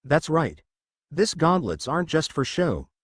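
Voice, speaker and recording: A man voicing a cocky, hot-headed young male hero student who yells and taunts smugly, for a storybook reading. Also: on the high side, big pitch swings, a little slow, slightly rough, no room sound, voice pushed up, exaggerated voice. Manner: yelling, smug taunts.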